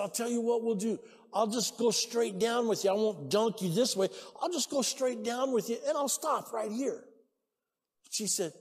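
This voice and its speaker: A man preaching a sermon as pastor, excitable, breaking into shouts and laughter. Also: sits high, husky, long reverb tail. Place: church sanctuary.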